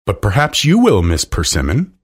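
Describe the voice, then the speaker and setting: A man's voice: fairly low pitch, huge pitch swings, moderate pace, husky, full character voice. A man voicing an eager, earnest young boy. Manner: earnest, insistent.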